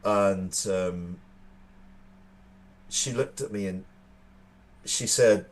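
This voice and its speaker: A man's voice: low-pitched, drawn-out words. An Irish man in his thirties, a co-host telling earnest stories in casual chat, often restarting his sentences. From Ireland. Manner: earnest storytelling with frequent restarts.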